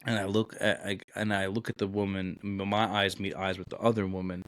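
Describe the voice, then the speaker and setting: A man's voice: deep voice, flat delivery, fairly quick, fairly bright tone, dry recording, clean studio sound. A man, a podcast host telling stories in a blunt, rambling way. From Brooklyn, New York. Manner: blunt, rambling, many "like" and "you know". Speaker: podcast host, Marine recruiter. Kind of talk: casual storytelling chat.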